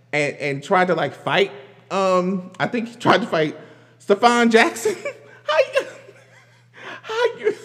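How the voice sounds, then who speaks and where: A man with a high, very lively voice talks casually to his audience. He is animated, often breaks into laughter and drifts into rambling asides. A long reverb hangs on his voice. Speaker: commentary vlogger. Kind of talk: casual pop-culture commentary.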